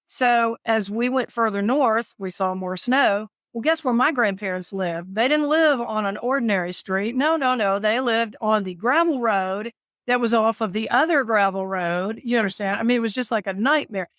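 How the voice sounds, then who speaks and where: A Southern US woman who is a caregiver and author tells a story as an interview guest, speaking at normal speed in an echo-free studio recording. She's animated and dramatic, quoting herself in sudden high voices.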